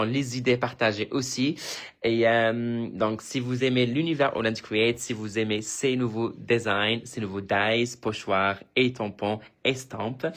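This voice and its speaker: A man presenting his craft projects on a casual live stream, chatty and enthusiastic, often restarting sentences and thanking viewers. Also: mid-range voice. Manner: reads viewer comments and thanks them warmly.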